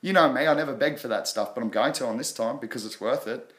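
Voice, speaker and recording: A man with a broad Australian accent chats casually on a live stream, his words tumbling out quickly with frequent restarts. His mid-range voice sits in a room with a noticeable echo. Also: mid-range voice, fairly bright tone. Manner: quick, rambling, apologetic about his pace. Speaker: crypto livestream host.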